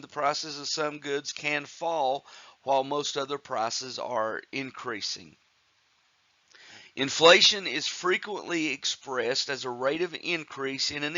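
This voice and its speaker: A man's voice: medium pitch, sharp tone, no room sound, muffled recording. A man teaching economics in a recorded lecture, explaining step by step with frequent fillers and restarts. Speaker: economics instructor.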